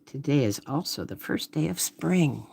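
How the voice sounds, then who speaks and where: A woman's voice: sits low, animated, normal speed, creaky, a little mellow, slightly rough. A woman artist chatting casually during a live painting stream, thinking aloud and trailing off into murmurs.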